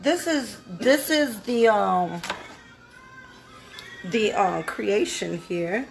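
A woman's voice: medium pitch, extremely slow, gravelly, roomy sound, music in the background. A woman hosting a casual livestream from her kitchen on a phone, folksy and easygoing, calling people honey and child. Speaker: home cook hosting a livestream. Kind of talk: casual cooking chat.

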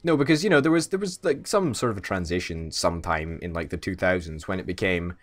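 A man's voice: low-pitched, lively intonation, fast, faint music behind. A man hosting a let's play, bantering casually and swearing freely in mock outrage on a voice call.

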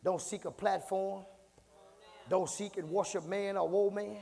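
A man preaching an impassioned sermon, swinging from low murmurs to shouts, repeating phrases and calling out to the congregation. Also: fairly even intonation, unhurried, creaky. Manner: call-and-response, repeats phrases. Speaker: pastor. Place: church sanctuary. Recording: reverberant church hall.

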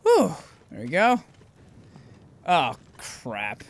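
A man giving let's-play commentary while playing, swearing often and swinging from low grumbling to high yelps. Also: wildly swooping pitch, drawn-out words. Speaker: gameplay commentator. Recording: game music loud behind voice.

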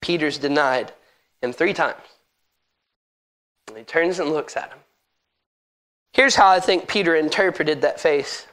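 A pastor preaching a sermon in church, emphatic and asking the congregation direct questions. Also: male voice, fairly high pitch, unhurried, long pauses, fairly bright tone.

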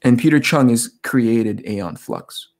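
A man in his forties from the United States, a comic artist telling animated anecdotes in a casual interview, acting out quoted dialogue. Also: mid-range voice, takes it slowly.

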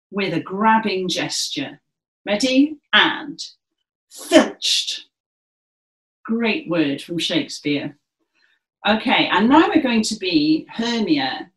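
A woman leading a dance session, giving encouraging instructions and projecting with theatrical delivery. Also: fairly low pitch. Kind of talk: guided movement class instruction. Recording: echoey room.

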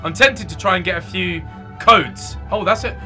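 A man reacting loudly while opening card packs in a football game. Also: high voice, moderate pace, soft background music. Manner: shouting excitedly, breaking into disbelief. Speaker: gamer reacting to pack opening.

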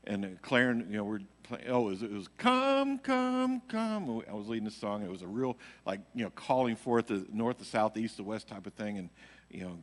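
Man, worship leader, low register, casual rambling testimony, live in a reverberant church hall. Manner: rambling storytelling, heavy on fillers. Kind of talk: casual personal testimony to a congregation. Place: church sanctuary.

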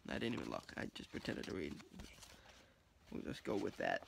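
A man's voice: rumbling low, wildly swooping pitch, normal speed, vocal fry, a little hiss or hum. A man vlogging casually as he scratches lottery tickets, joking, mocking himself and swearing freely.

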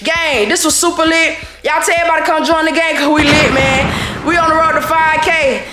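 A woman vlogger, out of breath, excitedly hyping her viewers in slangy talk. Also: high voice, fairly quick, roomy sound, background noise. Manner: hyped, slangy, shouting to viewers. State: out of breath, sweating. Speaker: vlogger pulling a prank. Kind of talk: excited vlog outro.

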